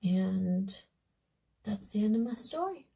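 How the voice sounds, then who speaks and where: A woman's voice: medium pitch, expressive, slow pace, gravelly, dark tone, poor audio. A young woman vlogger telling a fairy tale in a casual, meandering way while doing her makeup. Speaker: beauty vlogger.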